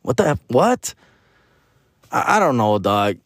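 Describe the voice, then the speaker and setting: A male comedian rants on his podcast, and his talk is loose, slangy and exasperated, with bits of Spanish slang thrown in. His voice sits at a middling pitch. The sound is dry and close, with no room echo. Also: sing-song, measured pace. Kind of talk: casual podcast rant.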